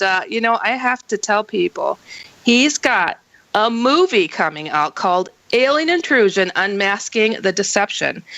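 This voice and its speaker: A woman hosting a radio talk show, bubbly and quick to laugh, chatting casually with her guest. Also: dry recording, poor audio. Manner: bubbly, laughs often, lively pitch jumps.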